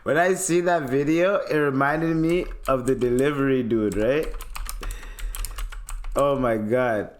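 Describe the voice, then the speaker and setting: On his podcast, a man rants in a casual, comedic way, full of swearing and frequent laughter, with lots of animation. His medium-pitched voice moves a little slowly, and there's a faint hiss or hum in the recording.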